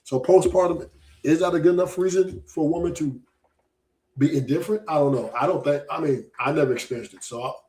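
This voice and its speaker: A man's voice: fairly high pitch, a little fast, mellow. A man hosting a casual podcast talk, rambling and often checking in with his listeners by asking "right?". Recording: roomy echo.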